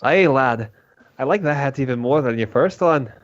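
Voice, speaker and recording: A man's voice: mid-range voice, animated, moderate pace, muffled recording, natural voice. A man putting on an odd-accented adventurer. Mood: friendly. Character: male adventurer with an odd accent, calls people lad.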